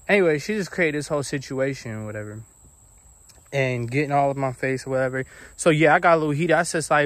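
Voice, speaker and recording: A young man telling a casual storytime about his own life, animated and acting out the people he quotes. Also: medium pitch, fast, dry recording. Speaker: vlogger.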